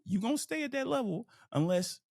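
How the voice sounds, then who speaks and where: A young man talks through a motivational podcast monologue, emphatic and animated, often acting out the voices in his head. His voice has a gravelly edge at a middling pitch. The sound is close and dry. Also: moderate pace, no echo. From Fort Worth, Texas. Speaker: podcast host.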